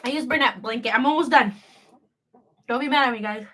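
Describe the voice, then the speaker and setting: A woman's voice: on the high side, brisk, fairly bright tone. A young woman hosting a casual crochet livestream from home, talking to viewers while she works, bubbly and rambling, often joking at her own expense. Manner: bubbly, rambling, self-deprecating.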